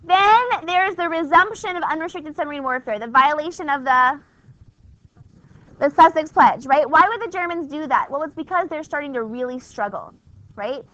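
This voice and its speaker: A high, bright-voiced woman lectures a class in a relaxed, wry way, tossing out rhetorical questions and quick asides. The recording is dull and lo-fi, like a classroom capture. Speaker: history teacher.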